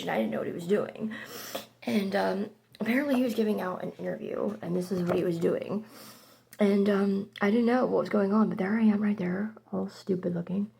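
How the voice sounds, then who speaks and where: A woman telling a casual storytime, chatty and excitable, her voice drifting between hushed and loud. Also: medium pitch, creaky, a little hiss or hum.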